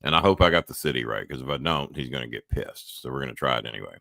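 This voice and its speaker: A man's voice: a bass voice, animated, fast, vocal fry, sharp tone, dry recording, clean studio sound. A man hosting a talk show, chatting casually as a rambling, joking storyteller.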